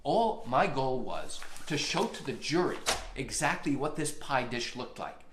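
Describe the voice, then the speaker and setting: A man, a lawyer hosting a live stream, telling a courtroom story in a lively way and acting out the quotes. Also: medium pitch, a little slow, reverberant, background noise.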